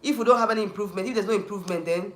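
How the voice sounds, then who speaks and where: A man with a Nigerian accent rants on a livestream, hammering the same points and breaking off to answer chat. His voice sits high and sounds bright and forceful. The room around him rings with a noticeable echo. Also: rapid-fire. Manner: heated, repetitive, restarts often, answers chat. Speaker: YouTube livestream host. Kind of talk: ranting livestream commentary.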